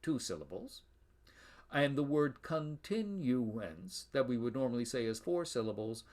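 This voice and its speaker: A male lecturer giving an online lecture on Shakespeare's verse, lively and jokey, chanting rhythms aloud into a webcam from a room at home. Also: mid-range voice, a little slow. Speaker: university lecturer.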